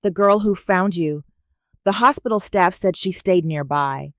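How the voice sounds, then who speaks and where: A woman voicing a poised, wealthy older mother who speaks softly and quietly condescends. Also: lowish voice, unhurried, no room sound, clean studio sound. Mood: soft concern. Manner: soft, honeyed and quietly condescending.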